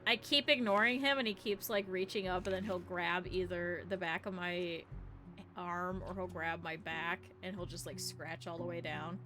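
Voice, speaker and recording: A woman's voice: on the low side, steady tone, normal speed, pushed and bright. A woman live-streaming from home, chatting and giggling with her viewers and her cat. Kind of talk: casual live-stream chat. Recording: game music in the background. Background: game music.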